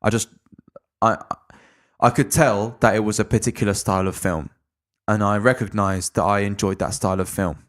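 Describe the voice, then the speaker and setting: A man's voice: fairly low pitch, normal speed. A young man co-hosting a casual podcast, telling stories with a laugh and acting out bits. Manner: animated, laughing storyteller who acts out voices. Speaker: podcast co-host. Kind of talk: casual chat.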